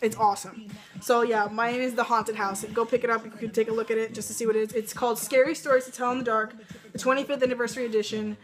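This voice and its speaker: A woman's voice: a little high, little pitch movement, fast, faint music behind. A young adult woman vlogging casually to camera, telling a story in a rambling way with lots of fillers.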